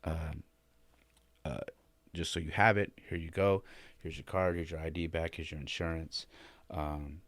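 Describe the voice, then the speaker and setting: A man's voice: a bass voice, steady tone, measured pace, pauses often, no echo. A podcast host, a man, telling a personal story in a rambling, casual way, with many restarts and repeated "man". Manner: rambling, many restarts and "man", rising and louder when emotional.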